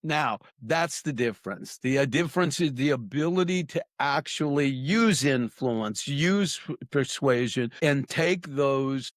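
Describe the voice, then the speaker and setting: A talkative, animated man speaking as a guest in a conversational podcast interview, often restarting his sentences. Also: medium pitch, measured pace, hardly any pauses, no room sound, studio quality.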